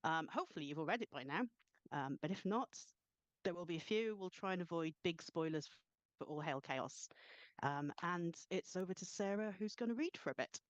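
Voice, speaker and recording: Quick woman host with dry sound. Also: lowish voice, expressive, no room sound. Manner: quick, hesitant with fillers. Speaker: event host. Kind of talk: brief introduction.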